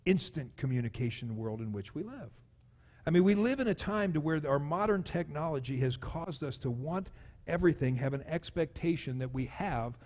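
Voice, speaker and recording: A middle-aged man preaching a sermon as pastor, lively and acting out quotes with sudden jumps in pitch. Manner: animated, acts out quotes with big pitch jumps. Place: church sanctuary. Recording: long church hall reverb.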